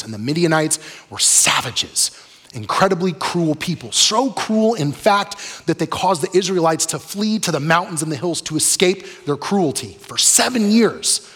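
A man preaching a sermon in a relaxed, conversational way, often asking the audience questions. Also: a little high, normal speed, breathy edge. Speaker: pastor. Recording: long reverb of a large hall.

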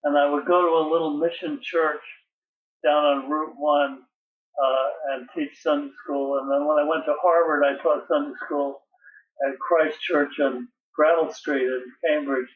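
A poet reads and reflects in a slow, measured way, with a slightly high voice for a man. He pauses and restarts as he gathers his thoughts. The sound is thin and narrow, like a telephone call. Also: fairly even intonation, reverberant, far from the mic. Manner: measured, reflective, with hesitant restarts when talking freely. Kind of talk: poetry reading and interview answers.

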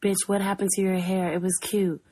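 A woman's voice: mid-range voice, level tone, mellow, slightly rough, dry recording, low-quality recording. A woman delivering a profane, mocking roast in a social media video. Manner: crude, mocking, rapid-fire insults.

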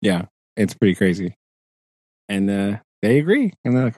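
A man co-hosting a podcast, casually retelling a book chapter in an animated way, acting out the characters' lines with lots of filler words. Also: on the low side, measured pace, no echo. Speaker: podcast co-host.

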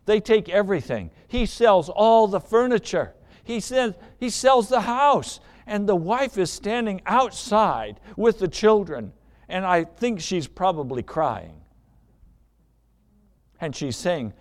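A man's voice: sits high, expressive, a little slow. A man preaching a sermon, telling a parable as a vivid, dramatic story. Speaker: pastor.

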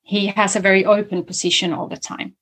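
A woman guest in an interview, explaining communication skills in a lively conversational way and demonstrating tones of voice as she talks. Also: mid-range voice, brisk, slightly rough. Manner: animated, explains with spoken demonstrations.

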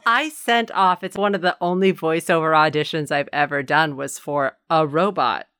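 A woman's voice: sits low, moderate pace, a bit bright, clean tone, no room sound. A woman co-hosting a podcast in casual chat, teasing and playful. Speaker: podcast co-host.

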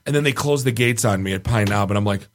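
A man telling a long funny story in casual podcast chat, animated and often chuckling at his own tale. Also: on the low side, fast talker, slight background noise.

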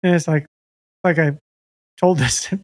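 A man's voice: fairly high pitch, unhurried, no room sound. A man co-hosting a podcast, chatting casually in a rambling, profane way. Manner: profane, rambling storyteller who acts out quoted people. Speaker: podcast co-host. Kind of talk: casual chat.

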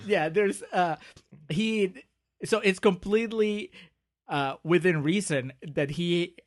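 A man with a fairly high voice rambles through his thoughts on a film in casual podcast chat. He laughs often as he talks and circles back to his points. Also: slow. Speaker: podcast co-host. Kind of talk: casual movie discussion.

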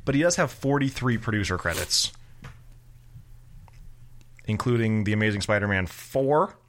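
A man's voice: lowish voice, animated, moderate pace, a little hiss or hum. A man co-hosting a casual movie podcast, joking and teasing his co-host.

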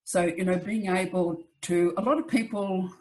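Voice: medium pitch, fairly even intonation, normal speed, rough recording. A speaker sharing anecdotes reflectively in a casual conversation.

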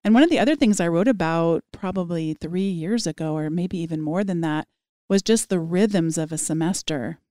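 A woman hosting a podcast, telling stories in a lively conversational way with frequent laughter. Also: lowish voice, moderate pace, no room sound, clean studio sound. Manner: animated storytelling with frequent laughs. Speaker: podcast host.

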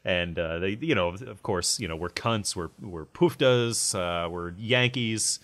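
A man's voice: deep voice, measured pace, fairly bright tone. A man hosting a metal podcast, chatting casually with lots of fillers and restarts. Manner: rambling, many fillers. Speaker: podcast host.

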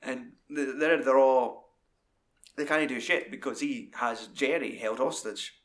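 A man in casual, sweary film chat, acting out scenes in high put-on voices. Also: measured pace.

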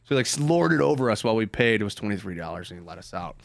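Man, podcast host, lively anecdote teller who acts out other people's voices. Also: on the low side, racing, creaky. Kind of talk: casual storytelling chat.

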